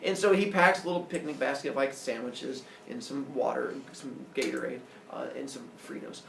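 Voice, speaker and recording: A male teacher telling myths to his class in a jokey, animated way, acting out the characters. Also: mid-range voice, normal speed, gravelly, a little hiss or hum. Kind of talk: storytelling lesson. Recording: roomy classroom audio from far off.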